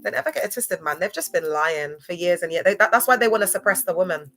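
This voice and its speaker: A woman's voice: lowish voice, animated, fast, a bit bright, soft background music. A young woman chatting casually to viewers on a livestream, laughing often. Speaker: livestream host.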